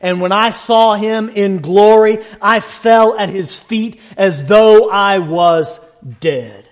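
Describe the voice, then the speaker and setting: A preacher voicing a reverent, overwhelmed disciple. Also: male voice, high-pitched, takes it slowly, pitched below the performer's own voice.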